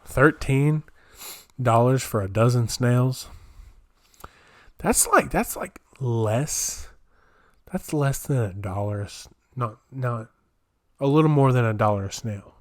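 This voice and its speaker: In a small room at home, a young man does a solo comedic podcast rant, his mid-pitched, darkish voice slow but lively in intonation. He rambles between bits and reads things aloud with incredulous asides, captured close and dry with no room echo.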